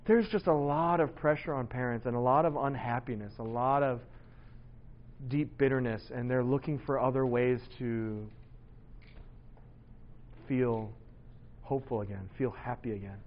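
A man in his forties giving a casual, lively sermon to teenagers. He tells stories about his children, acts out their voices and laughs often. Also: mid-range voice, moderate pace, pauses often, muffled recording. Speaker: youth pastor.

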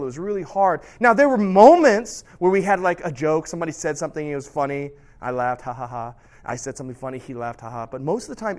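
A man's voice: a little high, a little mellow. Chatty storytelling man preaching. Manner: conversational storytelling, often asks "right?". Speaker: pastor. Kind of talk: sermon.

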